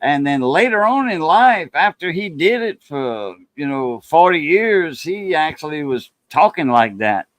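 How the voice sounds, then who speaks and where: A man's voice: fairly high pitch, very animated, measured pace, few pauses, fairly bright tone, dry recording. A man with a Cajun accent hosting a casual chat, telling rambling folksy stories in a loose, easygoing way. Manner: rambling, folksy storytelling with laughs. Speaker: channel host.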